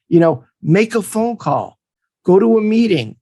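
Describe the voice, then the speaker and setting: A man in his fifties from Montreal, co-hosting a podcast and telling a casual story in an animated way, acting out the people in it. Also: high voice, normal speed, slightly rough, dry recording. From Montreal, Canada. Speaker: podcast co-host and hockey agent.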